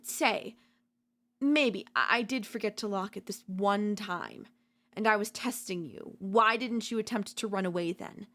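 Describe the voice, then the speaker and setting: A woman voicing a possessive, doting yandere girlfriend in a whispered role-play, talking softly and slowly at a close mic. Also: mid-range voice. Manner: soft, possessive, doting, slow and lingering. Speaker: voice actor.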